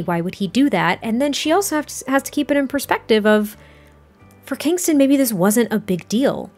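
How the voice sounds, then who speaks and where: A woman casually narrating a life-sim story, chatty and filling her talk with "like" and "you know". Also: on the high side. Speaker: Sims storyteller YouTuber.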